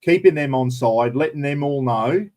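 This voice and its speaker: A man's voice: medium pitch, normal speed, darkish tone. Blunt Australian man ranting. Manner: blunt, opinionated ranting with mild swearing. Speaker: livestream host. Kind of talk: casual live chat with viewers.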